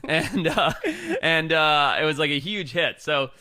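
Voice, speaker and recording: A man's voice: a little high, a little slow, a crowd in the background. A man, a guest on a podcast, telling casual stories full of swearing, saying "like" constantly and acting out the people he quotes. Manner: profane, animated, acts out quoted people; heavy use of filler "like". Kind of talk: casual storytelling.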